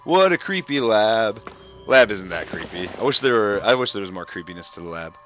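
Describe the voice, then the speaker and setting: A man's voice: sits low, fast talker, sharp tone. A man giving casual, chatty walkthrough commentary, joking at his own expense and swearing when startled. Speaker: gameplay commentator. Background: game music.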